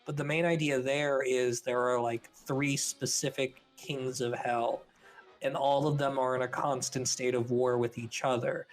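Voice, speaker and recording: A man's voice: medium pitch, little pitch movement, a little slow, soft background music. Chatty male podcast host explaining. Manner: explains with many likes and rhetorical questions. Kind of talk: casual podcast chat.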